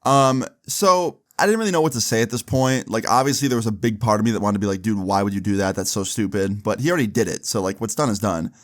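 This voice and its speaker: A young man casually telling a long personal story, slangy and animated, acting out quoted dialogue. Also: lowish voice, fast, few pauses. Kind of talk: casual storytime over gameplay.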